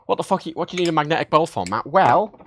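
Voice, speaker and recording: A man hosting a livestream from his desk, chatting casually and excitedly while he jokes and rambles through a show-and-tell. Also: fairly high pitch, quick pace. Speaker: livestream host. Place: home desk setup.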